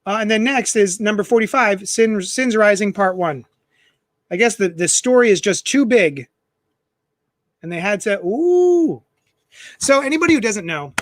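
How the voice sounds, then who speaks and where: A man hosting a live comic unboxing stream, chatty and animated, with playful self-mocking asides, talking into a desk microphone. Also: sits high, no echo, studio quality. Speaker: comic shop host.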